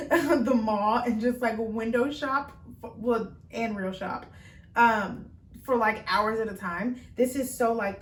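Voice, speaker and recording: A young woman chatting casually in a fashion try-on haul, bubbly and full of fillers, speaking from across the room. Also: medium pitch. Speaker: fashion vlogger. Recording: roomy sound from far off.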